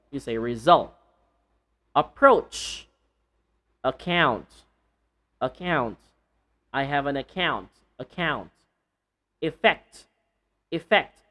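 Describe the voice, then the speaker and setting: A man teaching an online pronunciation lesson, repeating words to drill them, with a deliberate, lightly playful manner. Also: fairly high pitch, a bit bright.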